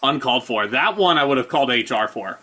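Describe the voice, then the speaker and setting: A man co-hosting a casual wrestling review, talking in a relaxed, hesitant way. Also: medium pitch, quick pace, a little hiss or hum. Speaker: podcast co-host.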